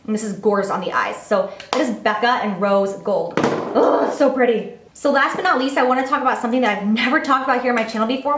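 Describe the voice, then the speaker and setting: A woman's voice: medium pitch, roomy sound. A young woman beauty vlogger chatting casually and gushing about her favorite products.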